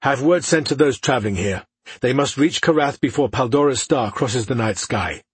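Brief: man voicing a husky, commanding old male elf, curt and contemptuous, dry and close. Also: mid-range voice, animated, normal speed, dry recording.

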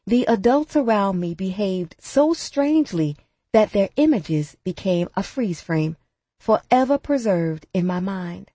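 A woman narrating a memoir aloud in a measured, reflective storytelling manner. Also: medium pitch, a little mellow, slightly rough, dry recording. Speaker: audiobook narrator.

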